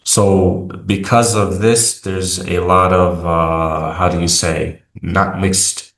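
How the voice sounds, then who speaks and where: American man, low and slow, halting casual guest, roomy echo. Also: little pitch movement, fairly bright tone. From United States. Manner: hesitant, many fillers and restarts. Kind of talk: casual interview talk.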